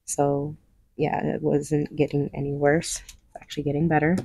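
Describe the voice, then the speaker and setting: A woman's voice: low-pitched, level tone, normal speed, dark tone, husky, no room sound. A young woman chatting casually while she paints, rambling, with lots of fillers and little laughs. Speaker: craft vlogger.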